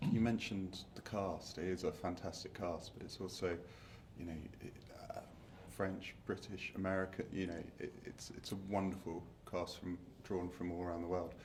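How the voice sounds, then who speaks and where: A man's voice: low voice, a little hiss or hum. A man interviewing an actor, asking loose, rambling questions. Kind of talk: press junket interview.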